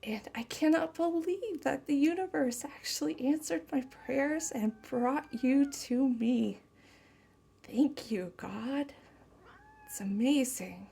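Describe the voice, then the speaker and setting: A woman tarot reader speaking a channeled message slowly and tenderly, close to tears. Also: sits high, gravelly, dark tone. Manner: slow, tender, emotional. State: tearful.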